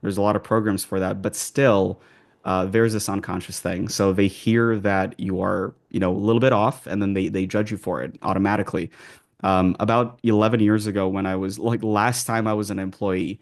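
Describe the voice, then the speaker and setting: A man's voice: fairly low pitch, little pitch movement, normal speed. A man with an American accent, working as an accent coach, answering interview questions in a loose, conversational way full of fillers and restarts.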